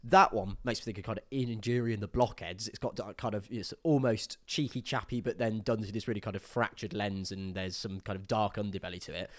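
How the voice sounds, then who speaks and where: A man co-hosting a casual music podcast, giving measured opinions between short agreements. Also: fairly low pitch, fairly even intonation, dry recording, clean studio sound. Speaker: podcast co-host. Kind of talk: casual music review chat.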